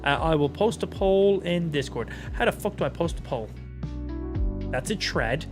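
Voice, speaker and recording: Young irish guy live streaming, chatty and sweary, quiet music behind. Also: a little high, moderate pace. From Ireland. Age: 20s. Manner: chatty, swearing, reacting to chat. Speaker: gaming streamer. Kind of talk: casual live-stream chat.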